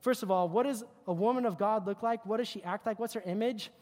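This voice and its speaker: A youth pastor giving a joking, animated sermon to a group of kids, working through slides and poking fun at teen habits. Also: medium pitch, quick pace. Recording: long hall reverb.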